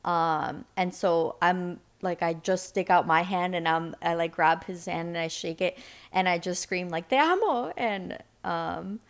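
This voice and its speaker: A woman's voice: a little slow, clean tone. A young woman from Seattle, a podcast guest, telling a story in a casual chat, acting out the people she quotes. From Seattle, United States. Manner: animated storyteller, acts out quoted voices with sudden high pitch.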